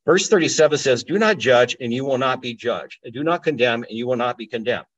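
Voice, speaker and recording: A pastor teaches from the Bible in a conversational sermon style, thinking aloud and asking listeners to stop and think. His mid-range voice is animated and brisk, and the audio is dull and lo-fi.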